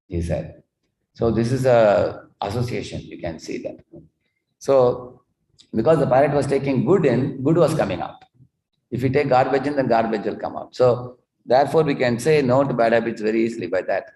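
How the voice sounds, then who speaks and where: A man's voice: medium pitch, expressive, moderate pace, dark tone, slight background noise. A man giving a spiritual talk with slides to a gathered audience, explaining and telling stories and asking rhetorical questions. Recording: echoey hall.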